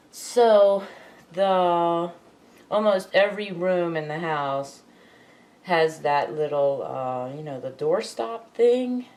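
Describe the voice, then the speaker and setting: Slow, low-voiced woman thinking aloud. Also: darkish tone. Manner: rambling, self-talking, chuckling. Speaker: crafting vlogger. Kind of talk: thinking aloud while repairing a computer. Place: home room.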